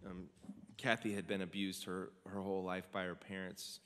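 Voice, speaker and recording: Earnest deep-voiced man in reverberant hall. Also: completely flat delivery, normal speed, fairly bright tone. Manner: earnest, conversational, asks the audience questions. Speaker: singer-songwriter sharing a song's story. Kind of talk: casual storytelling to a studio audience.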